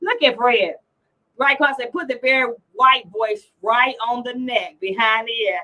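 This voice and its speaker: A woman's voice: on the high side, unhurried, pushed and bright, poor audio. A middle-aged woman hosting a casual livestream chat, teasing and brash as she reads out comments. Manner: brash, teasing, salty language. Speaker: livestream host.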